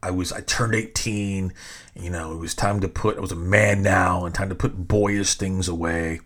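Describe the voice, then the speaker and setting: A man in his forties hosts a podcast in a loose, rambling monologue. He leans heavily on fillers as he talks. His voice sits somewhat low. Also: steady tone, moderate pace, fairly bright tone. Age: 40s. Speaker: podcast host. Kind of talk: casual monologue.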